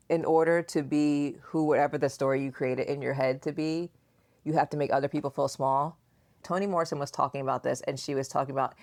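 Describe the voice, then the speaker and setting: A woman in her forties hosting a podcast, chatting casually and teasingly with her daughter and acting out quotes. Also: sits low. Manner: animated, teasing, acts out quotes. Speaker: podcast host, mother. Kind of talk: casual chat.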